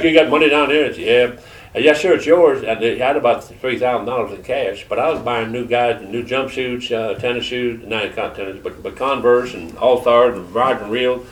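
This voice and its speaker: An older man with a Southern Georgia accent preaching a testimony sermon, telling stories in a folksy, halting way with many fillers. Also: medium pitch. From Detroit. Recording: echoey room from far off.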